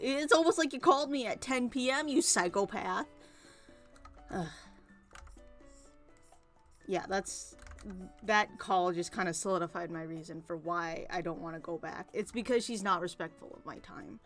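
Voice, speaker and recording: A young woman chatting casually and venting while she works on a drawing, rambling and swearing freely. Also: lowish voice. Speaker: art streamer. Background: soft background music.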